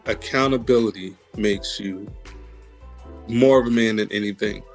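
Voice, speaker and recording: A man's voice: lowish voice, fairly even intonation, moderate pace, soft background music. A man appearing as a podcast guest, an actor and singer who talks in a casual, laid-back and earnest way. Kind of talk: casual chat.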